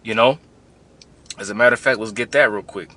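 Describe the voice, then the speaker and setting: A man's voice: fairly low pitch, racing, sharp tone. A man giving an informal religious lesson to his camp, rambling and conversational, building to heated emphasis.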